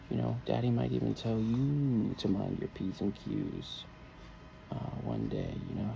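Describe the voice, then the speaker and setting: A man's voice: medium pitch, lively intonation, unhurried, creaky, mellow, slight background noise, low-quality recording. A father chatting playfully to his baby son, rambling with many fillers. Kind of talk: casual chat.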